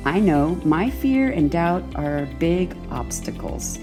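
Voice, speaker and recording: A woman's voice: on the low side, big pitch swings, takes it slowly, over music. A woman hosting a faith-based podcast for women, reading an encouraging intro and then asking her guest questions. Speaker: podcast host.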